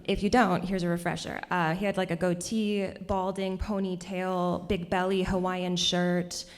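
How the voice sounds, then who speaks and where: A young woman telling a personal story on stage at a cultural center, animated and laughing often between lines. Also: fairly low pitch, moderate pace.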